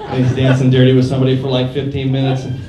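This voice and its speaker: A young man doing a stand-up set in a comedy club, deadpan with quiet mumbled asides. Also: medium pitch, very fast. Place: comedy club stage, live audience. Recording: roomy club audio from a distance, loud noise.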